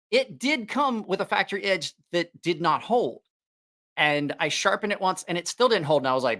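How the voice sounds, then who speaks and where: A knife livestream host with a fairly high, bright, forceful voice chats casually. Rambling along, he often corrects himself and throws in jokes.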